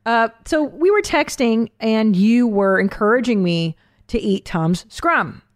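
A woman hosts a loose comedic chat, her voice a bit high and bouncing widely in pitch. She exclaims in shock and swears freely as she reacts. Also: animated, a little slow, no room sound, studio quality. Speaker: podcast host.

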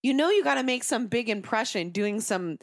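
Animated woman leading podcast chat. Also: on the high side, moderate pace. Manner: animated storyteller, leads the conversation. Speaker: podcast co-host. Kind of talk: casual chat.

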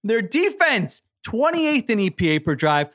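Male podcast co-host, high voice, emphatic sarcastic takes. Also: big pitch swings, measured pace, fairly bright tone. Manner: emphatic, opinionated, sarcastic asides. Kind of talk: casual sports chat.

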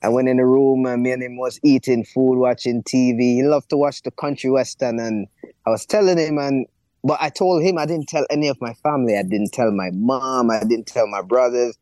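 A young man, an actor and bass player, telling a story in a casual interview and acting out the people he quotes. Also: fairly quick, dark tone, no echo, rough recording. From Jamaica.

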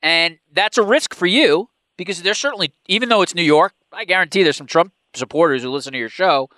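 A man's voice: sits high, a little fast, sharp tone, no room sound. A man interviewing a guest, asking long, carefully built questions.

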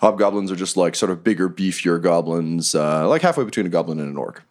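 A man running a tabletop game as game master, narrating with a lot of laughter and sudden shouted character voices. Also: fast. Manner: animated, laughs often, bursts into shrill shouted creature and character voices.

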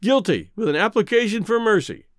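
A man's voice: high voice, sing-song, brisk, no room sound, studio quality, voice pushed up. A man voicing a mild, apologetic city dandy. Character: former cowboy turned comfortable city dandy man, apologetic. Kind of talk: dramatic reading of a short story.

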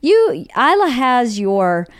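A woman's voice: fairly high pitch, sing-song, slow pace, clean tone, no room sound, clean studio sound. A middle-aged woman hosting a casual chat, reflecting on her family and laughing easily. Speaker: podcast host, wife. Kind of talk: casual conversation.

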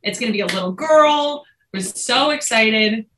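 A woman's voice: fairly high pitch, normal speed, echoey room, background noise. A woman telling a family story in a casual chat, acting out what people said. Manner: animated, quotes herself and others.

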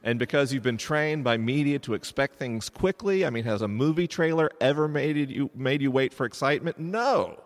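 A man giving a live talk to an audience, animated and joking as he addresses the crowd. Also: mid-range voice, a little fast, hardly any pauses. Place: large stone church, live event. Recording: live hall with long reverb.

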